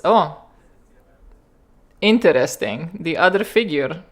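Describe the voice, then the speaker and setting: A woman's voice: on the low side, moderate pace. A woman with a Slovenian accent, reading game text aloud and adding wry, sarcastic asides as she streams.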